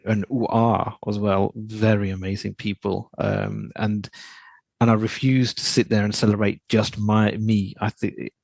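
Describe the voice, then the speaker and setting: A man, a podcast guest, telling a story in a casual, animated way and often repeating words as he talks. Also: on the low side, unhurried, gravelly, no room sound.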